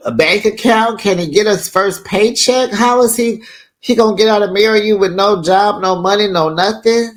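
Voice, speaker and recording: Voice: mid-range voice, moderate pace. A reality TV recap host giving casual, sassy commentary in a chatty way, acting out quotes.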